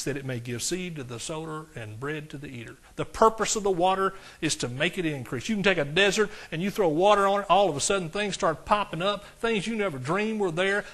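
Animated preaching man, fairly high voice. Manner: animated, swings from loud preaching to quiet asides; talks directly to the congregation, asks questions. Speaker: pastor. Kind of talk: sermon.

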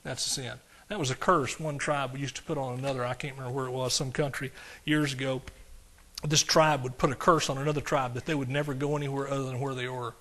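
A man preaching a sermon to a congregation, swinging between loud declarations and quiet asides and asking the crowd questions. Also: mid-range voice, little pitch movement, fast talker. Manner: talks directly to the congregation, asks questions. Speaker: pastor.

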